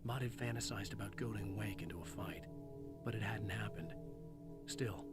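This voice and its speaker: A man voicing a brooding writer who reads his own manuscript as whispered role-play, in a hushed, breathy whisper. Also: lowish voice, moderate pace, natural voice. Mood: ominous. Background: music.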